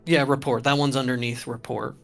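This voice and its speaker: A man's voice: medium pitch, flat delivery, brisk, gravelly, soft background music. A man running a tabletop game as game master, thinking aloud about the rules with hesitant restarts.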